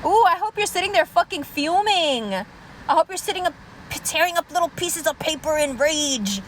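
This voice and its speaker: High-voiced woman in a taunting, profane rant. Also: animated, normal speed, slight background noise, low-quality recording. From Pakistan. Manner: taunting, mocking, swears constantly. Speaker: vlogger.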